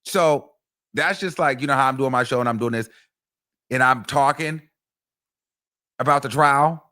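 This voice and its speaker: A man's voice: medium pitch, normal speed. Chatty, profane male stream host. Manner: chatty, animated and profane, with lots of fillers. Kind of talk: casual commentary stream.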